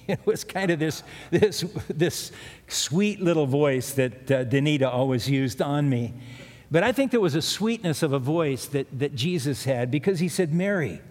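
Middle-aged male pastor, a touch higher-pitched than most men, chatty storytelling sermon, long church-hall reverb. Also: expressive, normal speed, darkish tone. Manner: conversational storytelling preaching with asides.

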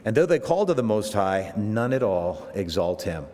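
A man preaching a verse-by-verse sermon, rising to loud emphatic peaks and dropping to slow, quiet asides, with frequent restarts. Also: fairly low pitch, very animated. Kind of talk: expository sermon. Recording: long hall reverb.

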